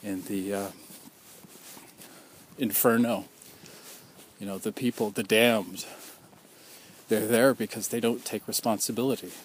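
A man's voice: on the low side, fairly even intonation, unhurried, long pauses, a little hiss or hum. A man speaking out as a survivor in an impassioned personal monologue, earnest and accusing, piling up repeated rhetorical questions.

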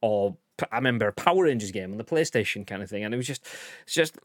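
Lively man ranting about games. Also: on the low side, fast talker, hardly any pauses, dry recording, clean studio sound. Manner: animated, ranting, frequent restarts. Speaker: show host. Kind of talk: casual gaming news chat.

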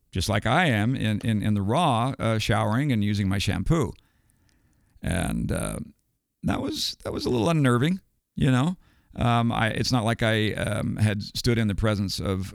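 A man's voice: mid-range voice, creaky, no room sound, clean studio sound. An older man, a guest and retired educator, telling a story casually with many ums and restarts. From United States.

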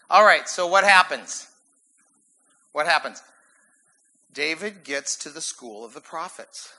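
A man preaching a sermon with a high, strikingly bright voice. He speaks at an unhurried pace but delivers with animation and emphasis, laughing often along the way. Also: poor audio. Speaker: pastor.

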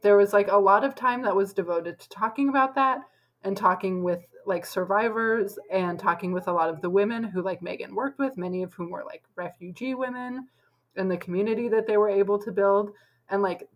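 A young woman co-hosting a podcast in easy, rambling chat. Her pitch sits in the middle, and she strings her thoughts together with a steady stream of "like". She sounds relaxed and conversational. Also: poor audio. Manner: chatty, lots of "like" fillers. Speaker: podcast co-host. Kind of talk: casual chat.

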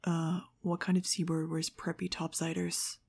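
A woman voicing a quiet, tense winged teenage boy with a hushed, dry delivery in an audiobook. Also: low-pitched, little pitch movement, moderate pace, husky.

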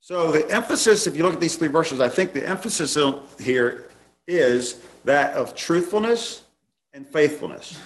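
A man's voice: fairly high pitch, expressive, moderate pace. A man preaching a sermon, laying out numbered points and reading scripture passages aloud, sometimes restarting his phrases.

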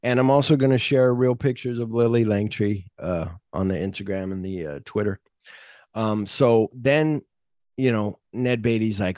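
A man's voice: on the low side, normal speed, dark tone, dry recording, clean studio sound. A man hosting a podcast, casually retelling movie scenes and acting out the lines he quotes. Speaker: podcast host. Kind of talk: casual film discussion.

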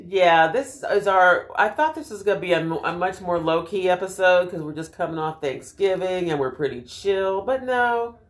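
A wry woman co-hosting a casual talk show, tossing in quick quips. Her voice sits fairly low but swings widely, lively and expressive. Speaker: podcast co-host. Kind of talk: casual chat.

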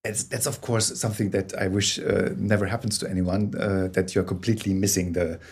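Here a guest storyteller answers interview questions, unpacking his ideas through repeated restarts and tag questions such as "yeah?". His low voice is gravelly and slightly rough, delivered briskly in a level tone.

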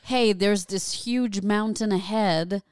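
A woman's voice: mid-range voice, slow pace, darkish tone, smooth, dry recording, clean studio sound. A woman hosting a casual conversation, backing up her guest with short agreeing replies.

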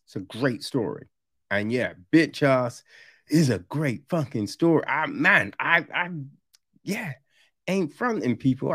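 Vlogger reviewing a film, lively up and down voice, swears a lot, no room echo. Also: medium pitch, gravelly, studio quality. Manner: animated, swearing, acts out reactions.

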